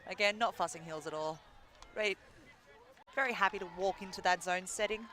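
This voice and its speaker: A man giving wry, measured play-by-play commentary on a live game. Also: sits high, pushed and bright. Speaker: sports commentator.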